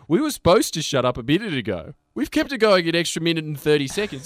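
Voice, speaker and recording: A man's voice: a little high, quick pace, no echo. A man co-hosting a drive-time radio show in a studio, bantering playfully and slipping into silly announcer voices. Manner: jokey, animated, does silly announcer voices.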